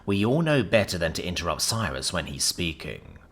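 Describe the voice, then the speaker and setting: A man narrating a sci-fi story in a steady first-person storytelling manner. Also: sits low, fairly quick, husky. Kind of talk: scripted audiobook narration.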